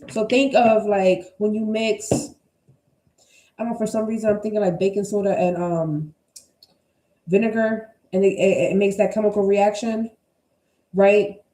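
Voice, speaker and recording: A woman's voice: medium pitch, warm tone. A woman giving a casual tarot energy reading to her viewers, blunt and emphatic, with plenty of swearing. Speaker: tarot reader. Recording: roomy echo.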